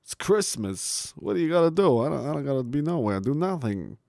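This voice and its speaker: A man's voice: fairly high pitch, animated, fairly quick, creaky, a little mellow, no echo, studio quality. A man hosting a casual live stream, reacting to chat with laughter, swearing and trailing mutters. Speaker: livestreamer.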